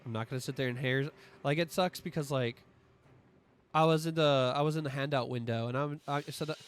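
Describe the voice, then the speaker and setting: A man's voice: medium pitch, steady tone, a little fast. A man streaming, telling rambling, profane stories in casual chat, his voice a little strained from allergies.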